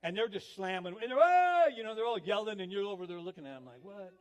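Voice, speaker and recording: A man's voice: sits high, quick pace. A male pastor giving a sermon, telling stories with acted quotes. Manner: storytelling with laughs, acted quotes.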